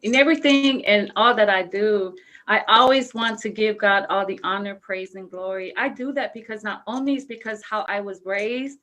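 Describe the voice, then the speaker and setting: A woman's voice: medium pitch, normal speed, a bit bright, low-quality recording. A young adult woman from Samoa, a guest on a live-streamed interview, talking in an effusive, grateful way with frequent laughter. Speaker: guest speaker.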